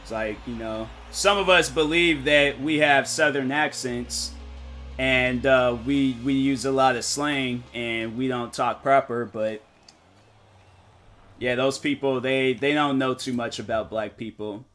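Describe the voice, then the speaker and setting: A man talks casually to his viewers during a game stream. He thinks out loud and rambles, restarting his sentences. His voice is bright and sharp at an average pitch, with faint music underneath. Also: fairly even intonation, unhurried. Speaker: gaming streamer.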